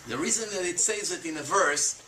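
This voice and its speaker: A man, giving an animated lecture to an audience as a rabbi and acting out the voices of skeptics. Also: high-pitched, fairly quick. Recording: echoey room, voice from far off, faint background noise.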